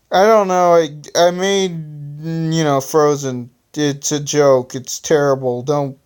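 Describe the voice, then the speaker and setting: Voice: medium pitch, fairly even intonation, takes it slowly, a little mellow, smooth. A person reading their own story aloud, stumbling and correcting themselves, with joking asides along the way. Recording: phone screen recording.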